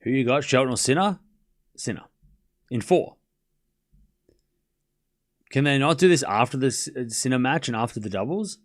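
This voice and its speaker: A man's voice: mid-range voice, lively intonation, moderate pace, pauses often. A man hosting a live tennis watchalong stream, chatting casually and sarcastically teasing viewers, rambling with restarts.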